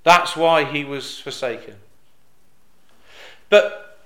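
A man preaching a sermon in a roomy, echoing hall. His voice sits a little high and sounds bright and forceful. He hesitates with fillers, then swells into loud, emphatic declarations. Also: unhurried, pauses often. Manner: rises to loud emphatic peaks on quoted cries; hesitant with fillers and restarts, drops soft on reflective lines.

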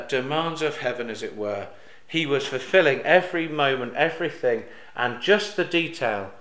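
A man with a slightly high voice preaches a sermon in a roomy-sounding space. He goes soft on reflective lines, hesitates with fillers and restarts, and climbs to loud, emphatic peaks on quoted cries.

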